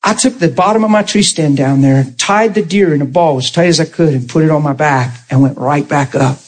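A man in his forties, a preacher telling lively stories from the pulpit and acting out the dialogue. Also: on the high side, brisk, breathy edge. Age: 40s. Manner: animated, acts out dialogue with laughter. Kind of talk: storytelling sermon.

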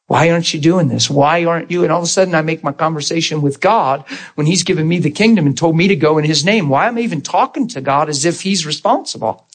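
A middle-aged man with a slightly high voice talks fast while preaching a conversational sermon to a small class. He seeks agreement from the room and voices both his prayers and God's answers as quoted dialogue.

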